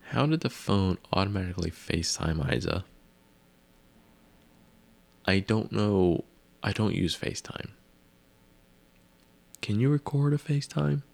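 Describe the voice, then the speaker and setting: A man's voice: on the low side, expressive, a little slow, vocal fry, pauses often. A man casually recapping a TV episode, rambling with wry asides and musing questions.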